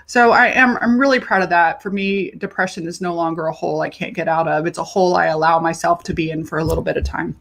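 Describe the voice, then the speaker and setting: A woman's voice: lowish voice, brisk, a bit bright. A woman leadership coach speaking candidly and emotionally in a personal vlog, swearing casually and acting out quotes from herself and friends.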